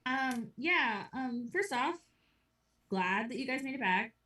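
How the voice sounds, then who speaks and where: A woman's voice: a little high, lively intonation, slow, sharp tone. A woman narrating as game master of a tabletop game, hesitant with many ums. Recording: echoey room, far from mic.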